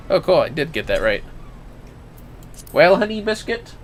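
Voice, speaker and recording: A man's voice: on the high side, very animated, a little slow, pauses often, faint music behind. A man casually commenting on a game he is streaming, playful and joking.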